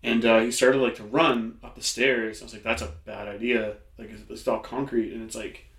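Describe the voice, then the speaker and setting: A man's voice: fairly low pitch, level tone, moderate pace, fairly bright tone. A man telling a long story in casual chat, rambling with lots of filler words and swearing. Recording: echoey room.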